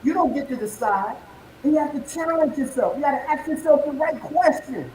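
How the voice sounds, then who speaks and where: A man giving a motivational talk as a podcast guest. He fires off rhetorical questions and builds from calm to fiery like a preacher. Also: very high voice, fairly quick, reverberant, slight background noise, low-quality recording. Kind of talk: motivational speech.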